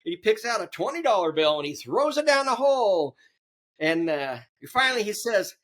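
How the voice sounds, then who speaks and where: A man's voice: high voice, sing-song, normal speed, fairly bright tone. A man, a podcast guest in casual chat, telling jokes and anecdotes with a chuckle. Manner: joking storyteller, acts out voices in anecdotes; chuckles while telling stories.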